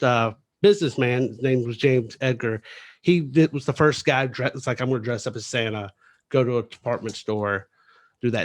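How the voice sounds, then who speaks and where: A man co-hosting a podcast in casual chat, rambling with lots of fillers and laughing easily. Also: medium pitch. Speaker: podcast co-host.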